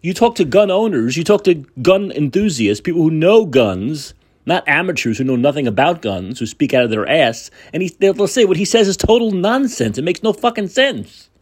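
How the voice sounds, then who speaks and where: A man's voice: on the high side, sing-song, normal speed, slightly rough. A man hosting a political talk show, delivering a combative, sarcastic monologue with profanity. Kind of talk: opinionated monologue.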